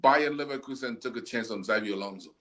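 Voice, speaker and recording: A man's voice: fairly low pitch, fast, a bit bright. A man co-hosting a casual football chat, arguing emphatically and repeating words to drive points home. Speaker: football podcast co-host.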